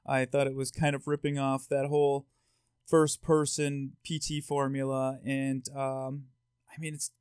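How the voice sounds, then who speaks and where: A man co-hosting a podcast, telling stories in an animated, rambling way with many restarts. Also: mid-range voice, measured pace, clear, resonant tone, dry recording, studio quality. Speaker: podcast co-host. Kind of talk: casual podcast chat.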